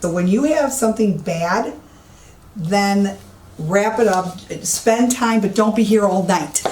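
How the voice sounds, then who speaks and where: A woman's voice: mid-range voice, takes it slowly, darkish tone. Lady medium walking thru an old empty building, keeps repeating herself, echoey. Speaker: psychic medium. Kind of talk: walk-through commentary. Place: empty old police station indoors. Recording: echoey room, faint background hiss.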